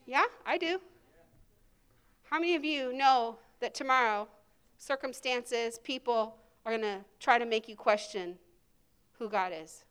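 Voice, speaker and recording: Smooth-voiced woman pastor preaching. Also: a little high, unhurried, long pauses, fairly bright tone. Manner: emphatic, call-and-response preaching. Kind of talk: sermon with prayer. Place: church service.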